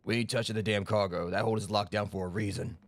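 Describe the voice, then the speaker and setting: A man voicing a gruff, money-minded male ship captain in a game playthrough. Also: on the low side, fairly even intonation, fast, no room sound, close to an everyday voice.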